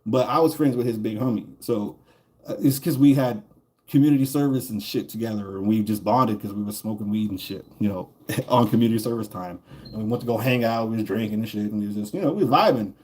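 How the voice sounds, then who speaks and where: A man's voice: on the low side, fast, a little mellow. A man streaming a game and telling a long, rambling story in casual chat. He swears a lot and often chuckles as he talks. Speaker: gaming streamer.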